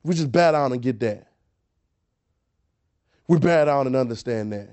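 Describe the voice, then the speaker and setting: A man's voice: medium pitch, animated, a little slow, a little mellow, clear, resonant tone. A man preaching a sermon, emphatic and repetitive, asking rhetorical questions and often restarting his words. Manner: frequent word repetitions and restarts.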